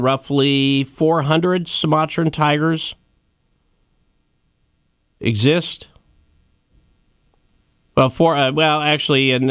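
A man's voice: on the high side, fairly bright tone, no echo, studio quality. A man in his thirties hosting a casual comedy chat about odd news stories, joking and rambling with fillers and asides. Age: 30s. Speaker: host.

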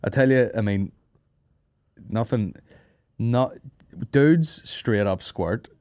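A man's voice: fairly low pitch, takes it slowly, smooth, no room sound, clean studio sound. A Northern Irish man hosting a podcast, chatting casually and crudely and swearing freely as he tells stories. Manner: crude, animated, swearing storyteller. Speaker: podcast host.

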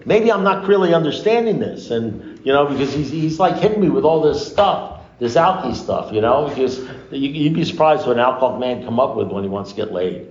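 Gravelly man telling stories in an echoey room. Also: medium pitch, fairly quick, hardly any pauses. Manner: animated storyteller acting out dialogue, swears freely. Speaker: recovery meeting speaker. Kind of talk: storytelling talk to an audience. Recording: echoey room, dull lo-fi sound.

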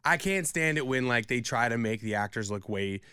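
A male radio co-host in easygoing, joking conversation, animated and fond of acting out voices. His voice is bright and crisp. The sound is dry and close, like a studio mic. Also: medium pitch, moderate pace, no room sound. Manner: animated, jokey, acts out voices in his stories. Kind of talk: casual chat.

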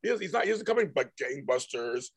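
Animated raspy-voiced man chatting. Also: on the high side, fast talker. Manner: animated, acts out characters' lines. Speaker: podcast host. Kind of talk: casual chat about a soap opera.

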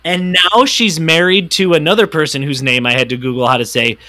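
A man's voice: a little high, brisk, sharp tone. A man co-hosting a casual podcast, ranting animatedly about a movie with lots of swearing. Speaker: podcast co-host. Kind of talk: casual comedic chat.

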